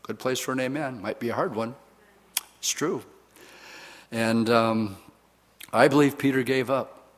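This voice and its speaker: A man's voice: mid-range voice, measured pace, long pauses. A man preaching a sermon and acting out the lines of the people he quotes. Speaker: pastor. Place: church. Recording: long reverb of a church hall.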